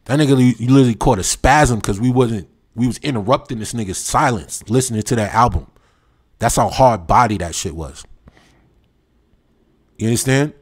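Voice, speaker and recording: A man hosting a livestream, reminiscing in animated, slang-heavy casual chat and talking straight to his viewers. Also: medium pitch, normal speed, husky. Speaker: livestream host.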